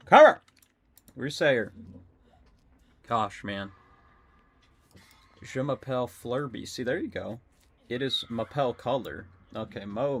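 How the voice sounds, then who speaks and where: A young adult man streaming a game, rambling and excitable, swearing often and talking to his chat. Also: mid-range voice. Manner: talks to chat. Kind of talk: casual live-stream commentary while gaming.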